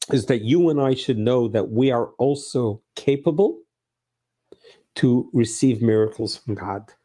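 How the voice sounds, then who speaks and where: A man's voice: mid-range voice, mellow. A middle-aged man preaching as a rabbi, earnest and emphatic, repeating his phrases. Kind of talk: sermon.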